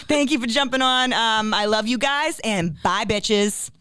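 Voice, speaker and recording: A woman with a New England accent hosting a podcast, blunt and profane, breaking into shouts when she gets worked up. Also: on the high side, expressive, moderate pace, hardly any pauses, clean tone, no room sound. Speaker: podcast host. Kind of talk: casual podcast chat.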